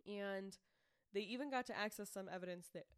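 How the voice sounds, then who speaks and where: A podcast co-host presents a true-crime case in casual, chatty storytelling, acting out quoted people with animated voices and saying "like" and "um" often. Her mid-range voice is clear and resonant at a fairly quick pace, and the recording is dry and studio quality.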